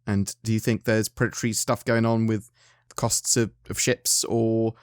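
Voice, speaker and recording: An English man hosting a gaming channel chats casually with his viewers, self-deprecating and often restarting his sentences. His voice sits on the low side with a level, clean tone at normal speed, recorded in a clean studio with no room sound.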